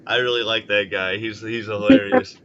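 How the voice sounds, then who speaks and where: A young American man with a bright, forceful voice talks excitedly on a podcast, swearing freely. The sound is dull and lo-fi, with a faint hiss of noise behind him. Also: lowish voice, normal speed. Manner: excitable, sweary, bursts of loud enthusiasm. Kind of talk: casual podcast chat.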